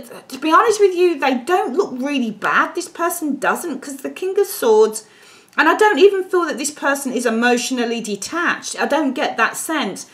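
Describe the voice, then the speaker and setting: A woman giving a casual tarot reading, blunt and animated, and she swears freely. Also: high voice. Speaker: tarot reader.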